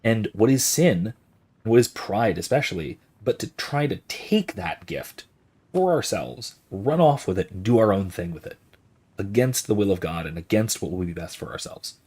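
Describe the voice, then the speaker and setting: A man's voice: lowish voice, sing-song, moderate pace, darkish tone, husky. An American man hosting a casual gaming stream, rambling and musing with plenty of restarts and fillers. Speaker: host.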